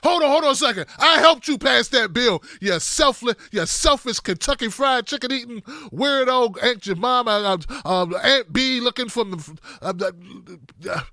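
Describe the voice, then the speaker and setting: A man's voice: high voice, brisk, vocal fry, hardly any pauses, clear, resonant tone, no echo, clean studio sound. A man doing a flustered, stammering old politician. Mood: angry yelling. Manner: stammering, rambling, then yelling. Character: flustered elderly male politician, rambling.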